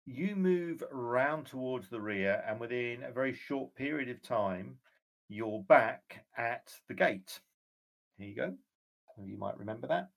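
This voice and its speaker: A man running a tabletop game as game master, narrating the scene in a measured, descriptive way with occasional fillers. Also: medium pitch, lively intonation, vocal fry.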